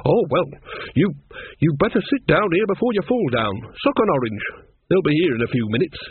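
A man's voice: on the high side, expressive, fairly quick, slight background noise, voice pushed up, lightly acted. A man voicing a fussing, earthy old witch woman in a raised, chiding voice, on a tinny recording. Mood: fretful. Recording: tinny phone-like sound.

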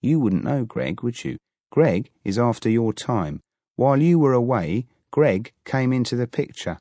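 A man voicing a mild, courteous young married man in an audiobook, speaking in a measured way. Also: medium pitch, expressive, mellow, husky, dry recording. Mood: chatty. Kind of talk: audiobook character voice.

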